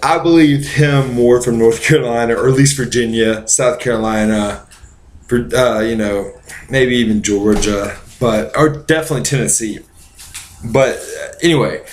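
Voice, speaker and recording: A drunk man hosting a casual movie chat, rambling and profane, going off on tangents. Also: medium pitch. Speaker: podcast host. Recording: roomy echo.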